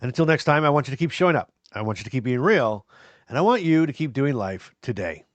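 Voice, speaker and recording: A man's voice: medium pitch, animated, fast talker, dry recording, highs cut off. A man hosting a podcast, talking to his viewers in an earnest, encouraging way with some self-deprecating humor. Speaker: podcast host. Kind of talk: casual podcast talk to viewers.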